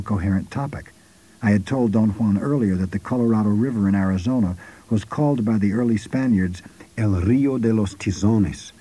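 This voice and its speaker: Dark, husky male storyteller. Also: fairly low pitch, rough recording. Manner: measured, unhurried first-person storytelling. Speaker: narrator. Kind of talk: scripted narration.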